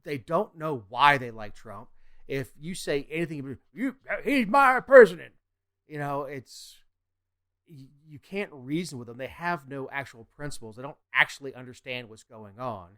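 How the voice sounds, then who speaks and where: A man co-hosts a casual political podcast from Georgia. He is blunt and opinionated. His voice is smooth and clean, pitched in the middle. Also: moderate pace, pushed and bright. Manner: blunt, opinionated, drops into mocking impressions. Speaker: podcast co-host.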